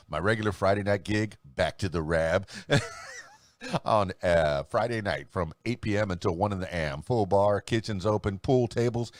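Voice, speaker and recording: A man's voice: fairly low pitch, dry recording. A middle-aged man, hosting his own podcast in a chatty, self-amused way. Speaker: podcast host and DJ. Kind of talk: casual solo podcast talk.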